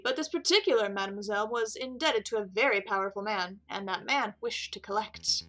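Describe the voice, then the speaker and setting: A woman's voice: on the high side, bright, forceful tone. A woman voicing a suave man who poses as a prince, telling his story in a theatrical way. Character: suave male French con artist prince.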